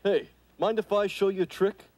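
A man's voice: high voice, fairly even intonation, normal speed, darkish tone, lightly acted. A man voicing a sarcastic, wisecracking furry male alien in a 1980s sitcom. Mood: teasing. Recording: hissy old TV tape with laugh track.

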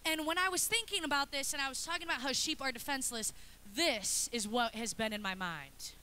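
A woman in her thirties preaching a lively, chatty sermon in a church, acting out little scenes as she goes. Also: high-pitched, a little fast, a little hiss or hum. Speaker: pastor's wife preaching. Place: church sanctuary.

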